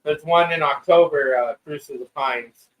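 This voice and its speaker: A man's voice: on the high side, moderate pace, far from the mic, low-quality recording. Laid-back man chatting on a podcast. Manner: laid-back, chimes in with short agreements. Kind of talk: casual chat.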